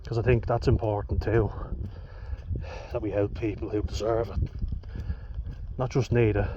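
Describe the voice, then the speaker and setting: A man's voice: on the low side, a little slow. An Irish man talking in a rambling, casual monologue, swearing freely and going off on chatty asides. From Ireland. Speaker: vlogger. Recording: dull lo-fi audio with steady noise.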